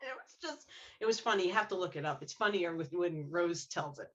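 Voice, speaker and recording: On a casual podcast panel, a woman romance author tells stories with lots of energy, acting out the quotes as she goes. Her voice is lowish and brisk, and the recording sounds lo-fi.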